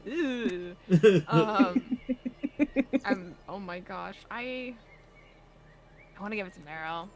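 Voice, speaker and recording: A woman's voice: mid-range voice, animated, takes it slowly, long pauses. A woman who plays in a tabletop game, chatting after the session, giggling and exclaiming as she talks. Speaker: player. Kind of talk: casual post-session chat.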